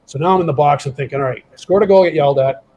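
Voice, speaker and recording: In rapid-fire delivery and a voice on the high side, a middle-aged former pro hockey enforcer tells a casual story as a podcast guest. He animatedly acts out the quoted dialogue, and the recording is low quality.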